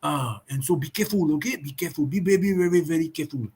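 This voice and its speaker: A man's voice: fairly high pitch, fast talker, darkish tone, husky. A man voicing a male team captain who gives urgent field orders and pleads with repeated words. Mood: instructing.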